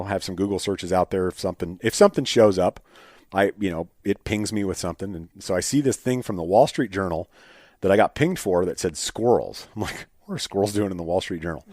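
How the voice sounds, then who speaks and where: A man telling stories as a podcast guest in a casual, animated way, full of fillers and restarts. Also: sits low, fairly quick, no room sound, studio quality. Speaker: podcast guest, state game bird biologist. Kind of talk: casual storytelling in an interview.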